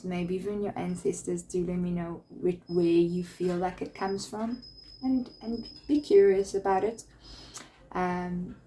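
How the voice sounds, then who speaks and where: A young woman giving a spoken tarot reading in a gentle, soothing way, often restarting her sentences. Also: lowish voice. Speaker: tarot reader.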